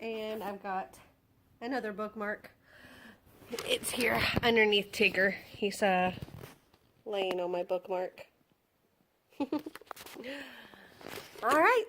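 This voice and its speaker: A young woman chatting casually in a vlog about her reading, bubbly and excitable with frequent giggles, and tired as the night goes on. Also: fairly high pitch, a little hiss or hum. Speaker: book vlogger.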